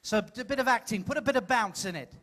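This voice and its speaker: A man's voice: very high voice, animated, fast, a bit bright. A man hosting a live comedy show, coaching a volunteer from the audience with playful, teasing patter on a cruise ship stage.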